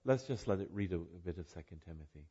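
Husky older man giving a chatty talk. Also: low-pitched, animated, fast talker, warm tone, muffled recording. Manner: chatty, rambling asides with self-corrections and laughs. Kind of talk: informal presentation to a group. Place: room with an audience.

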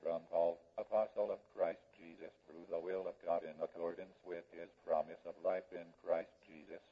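A man's voice as the flat electronic reader of a talking Bible device, heard through a small speaker. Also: deep voice, normal speed. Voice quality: flat synthetic speech. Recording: dull lo-fi sound from a small speaker.

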